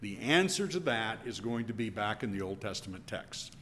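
A man teaching an evening Bible class, animated and emphatic, often restarting his sentences. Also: fairly low pitch, moderate pace. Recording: long hall reverb.

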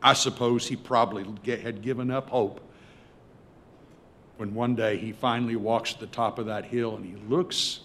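Male preacher, sermon, dramatic storytelling, loud to hushed swings. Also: mid-range voice, steady tone, normal speed, a little hiss or hum.

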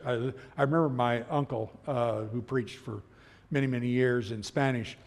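A middle-aged man with a gravelly, fry-edged voice teaches a Bible class in a church hall. He tells his stories with animation, slipping into the voices of the people he quotes and chuckling between points. A long reverb trails every phrase. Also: mid-range voice, moderate pace. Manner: chuckles as he talks.

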